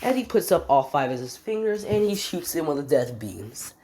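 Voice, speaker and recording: A woman's voice: low voice, sing-song, normal speed, dark tone, slight background noise. A woman narrating a fan-made what-if story in a casual, rambling, slangy way, thinking aloud as she goes.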